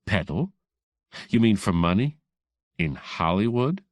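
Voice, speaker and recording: A man's voice: lowish voice, lively intonation, unhurried, no room sound, muffled recording. A man voicing a tough, wisecracking woman receptionist in an audiobook, sarcastic and mock-sweet. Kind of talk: audiobook character voice.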